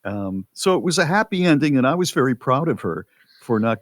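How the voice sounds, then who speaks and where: A male radio host telling a story in a casual, animated way. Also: medium pitch, fairly quick, no room sound.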